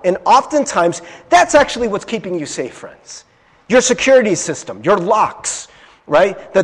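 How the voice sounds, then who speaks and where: A male preacher whose fairly high voice rises and falls a great deal. He drops to near-whispers and then climbs back up, often stammering as he restarts. A long reverb trails each phrase. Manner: animated, swings from loud to hushed, many stammered restarts. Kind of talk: sermon.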